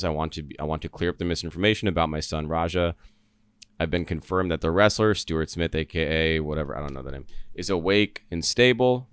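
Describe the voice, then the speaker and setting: Brief: male podcast host, very low voice, smooth and resonant, earnest solo commentary. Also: a bit bright, dry recording, clean studio sound. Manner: earnest, rambling, many fillers and restarts.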